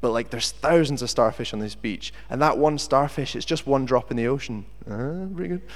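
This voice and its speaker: A man delivers a sermon in an animated storytelling manner, acting out the voices of the people in his story. His voice sits at an ordinary middle pitch. It rings out with the long reverb of a large hall. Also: a little fast. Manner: animated storyteller who acts out quotes. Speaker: preacher.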